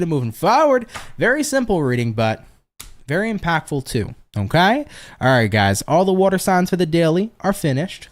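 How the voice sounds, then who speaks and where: A man giving a daily horoscope tarot reading, affectionate and encouraging, calling his listeners baby and rambling in upbeat phrases. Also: a little high. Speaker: tarot reader.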